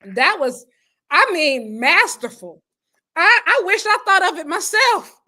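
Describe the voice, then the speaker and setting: A woman co-hosting a casual chat, animated and playful. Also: extremely high pitch, a little slow. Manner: animated, playful, laughs a lot. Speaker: podcast co-host.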